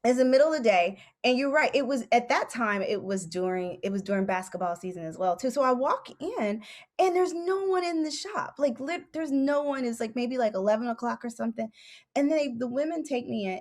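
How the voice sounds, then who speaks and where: A woman in her thirties, a podcast guest telling stories in an animated, excitable way. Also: on the high side, brisk. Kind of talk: casual chat, storytelling.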